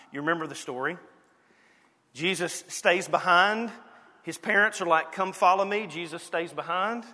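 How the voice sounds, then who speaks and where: Southern male pastor, high bright voice, lively sermon, big reverberant hall. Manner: lively, playful preaching with sudden drops to quiet.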